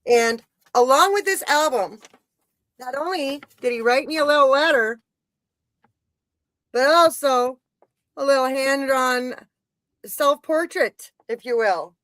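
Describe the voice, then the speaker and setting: A woman's voice: high-pitched, takes it slowly, long pauses, a bit bright, no echo. Woman podcast host, gushing, eager, rambling, dry close sound. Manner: gushing, enthusiastic, rambling with restarts. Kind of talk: casual interview chat.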